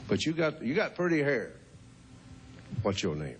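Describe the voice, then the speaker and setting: A man's voice: mid-range voice, big pitch swings, moderate pace, a little hiss or hum. A man in his fifties hosting a show, chatting with children in a folksy, teasing way and chuckling often. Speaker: host. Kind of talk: casual chat with children.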